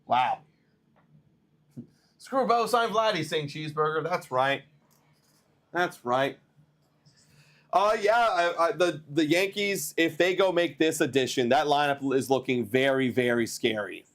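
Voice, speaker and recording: A man hosting a live baseball stream, chatting to viewers and reading trade news in a rambling, excitable way while tired. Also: on the high side, measured pace. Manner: excitable, rambling, talks to chat. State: tired, yawning. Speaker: baseball livestream host.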